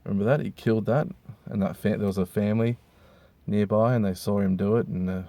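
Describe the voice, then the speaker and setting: A hungover man, rambling crudely and with deadpan humor while reviewing hats from inside a car. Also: lowish voice, brisk, vocal fry, no echo. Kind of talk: casual rambling monologue.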